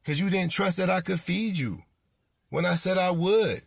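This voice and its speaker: A man's voice: high voice, moderate pace, vocal fry, dry recording, studio quality. A man preaching an impassioned sermon as a self-styled prophet, scolding and confronting his listeners with repeated rebukes.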